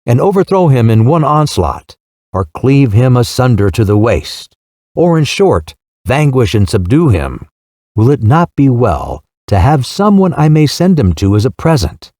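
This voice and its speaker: A man's voice: medium pitch, big pitch swings, a little slow, mellow, no echo, studio quality. A man voicing a grandly dreaming knight errant. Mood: dreamy. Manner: grand, old-fashioned speech. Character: idealistic middle-aged male knight errant. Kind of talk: audiobook reading.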